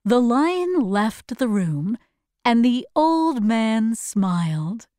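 A woman narrating a storybook in a slow, clear, expressive read-aloud. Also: fairly high pitch, no room sound, clean studio sound.

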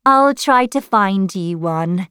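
Woman reader doing a guarded wife, clipped and cool, slow delivery. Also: mid-range voice, lively intonation, fairly bright tone, clean tone, dry recording, clean studio sound. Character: tense pregnant stepgrandmother, guarded and polite.

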